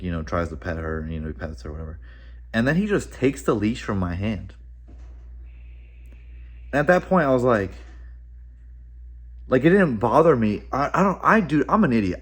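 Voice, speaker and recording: Young male vlogger, casual rambling storyteller, slightly low voice, excitable asides. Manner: rambling, animated, lots of "bro" and "like". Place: at home.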